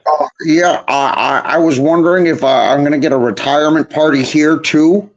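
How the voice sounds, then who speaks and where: A man calling in to a livestream, halting and pleading, stammering and restarting as he talks. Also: fairly high pitch, muffled recording. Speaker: caller. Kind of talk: comedic call-in banter.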